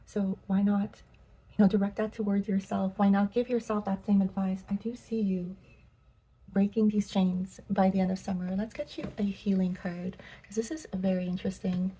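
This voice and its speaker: A young woman giving a pick-a-card tarot reading, gentle and affirming, with many filler words. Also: medium pitch, little pitch movement, normal speed, husky. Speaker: tarot reader.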